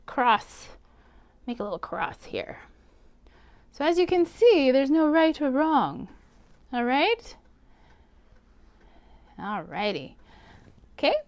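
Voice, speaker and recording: A bright, high-voiced woman talks viewers through a craft project. Her pitch swings widely and she sounds playful and chatty as she works. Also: dull audio. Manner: chatty, playful, upbeat, talks while working. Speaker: art teacher. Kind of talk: casual craft tutorial.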